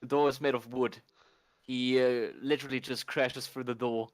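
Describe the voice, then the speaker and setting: A man narrating as game master for a tabletop game, halting with many ums and restarts. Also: mid-range voice, level tone, no room sound.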